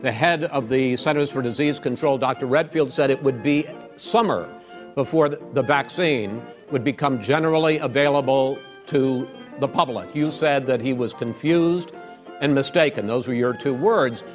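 An older man moderating a televised debate, measured as he presses the candidates with questions. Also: medium pitch, soft background music. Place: large debate hall.

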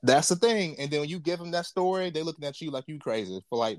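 A man's voice: a little high, animated, fast, few pauses, no room sound. A man in his twenties co-hosting a podcast, talking bluntly and emphatically with lots of swearing. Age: 20s. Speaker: podcast co-host. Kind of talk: casual chat.

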